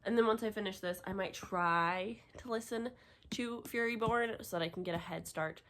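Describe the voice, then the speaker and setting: A young woman in her twenties chatting casually in a reading vlog, excitable and gushing, laughing often and tearful from crying. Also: mid-range voice, moderate pace. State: tearful, having just cried. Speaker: book vlogger.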